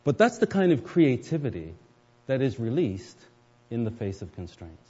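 A man's voice: medium pitch, big pitch swings, normal speed, warm tone, slightly rough. A male pastor preaching a sermon to his congregation, explaining scripture step by step and addressing the listeners directly. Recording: dull, lo-fi recording with long hall reverb.

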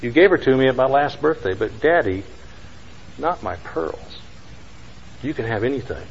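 A man voicing a five-year-old girl who softly pleads to keep her toy. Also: medium pitch, moderate pace, slightly rough, lo-fi sound. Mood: pleading.

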